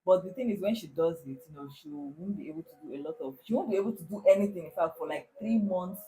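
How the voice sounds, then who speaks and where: A Nigerian woman co-hosting a casual reality show recap, chatty and relaxed. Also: on the low side, quick pace, slight background noise, rough recording. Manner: relaxed, chatty, with frequent fillers. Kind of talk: casual chat.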